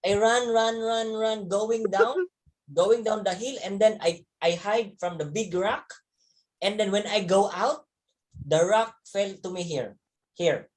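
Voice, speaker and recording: A teacher in his 30s, speaking in a high voice and a little slowly, tells young students a story from his own childhood. He repeats words and chuckles as he goes along.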